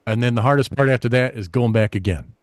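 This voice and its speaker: A middle-aged man, a stand-up comedian, telling a lively story in a casual interview, acting out the people in it. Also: medium pitch, quick pace, no room sound. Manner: animated anecdote-teller, acts out quoted voices.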